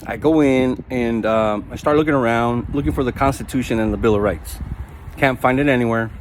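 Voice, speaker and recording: A man's voice: mid-range voice, brisk, a little hiss or hum. A man telling a story in a casual, indignant rant for his vlog, repeating himself and building to heated outbursts. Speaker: vlogger. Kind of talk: casual ranting monologue.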